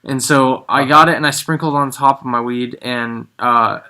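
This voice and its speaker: A man at a middling pitch chats casually with friends on a podcast. He rambles through his story, circling back with plenty of fillers. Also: steady tone, moderate pace, pushed and bright. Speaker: podcast co-host. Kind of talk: casual chat among friends.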